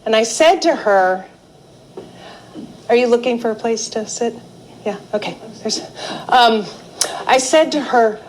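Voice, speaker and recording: Middle-aged female instructor, unhurried and talky, slightly higher voice, light room noise. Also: low-quality recording. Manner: chatty, animated storytelling with frequent laughs. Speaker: art therapy instructor. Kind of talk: live teaching with personal anecdote. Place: indoor class or seminar room.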